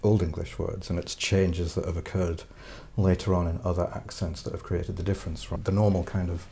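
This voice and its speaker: Male academic interviewee, very low mellow voice, even delivery, pauses to think. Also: vocal fry. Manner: thoughtful, hesitant with fillers. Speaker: linguistics professor. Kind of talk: interview explanation.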